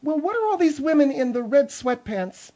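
A woman's voice: high voice, sing-song, normal speed, dark tone, lo-fi sound. Fussy indignant woman commentator. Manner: fussy, indignant, easily irritated. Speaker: commentator giving a report. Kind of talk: mock-serious comedic commentary.

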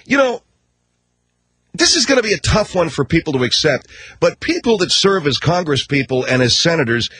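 A man delivering a combative talk-radio rant, sarcastic and quick, and jumping high in pitch when he gets heated. His voice is husky and sits close and dry, with no room echo. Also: a bit bright. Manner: combative, sarcastic, rapid ranting. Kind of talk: ranting talk-radio commentary.

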